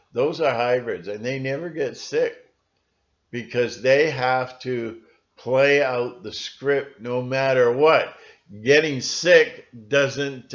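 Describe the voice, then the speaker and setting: A man talking in a rambling solo monologue, halting often with fillers and restarts. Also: mid-range voice. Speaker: channel host. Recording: dull lo-fi recording.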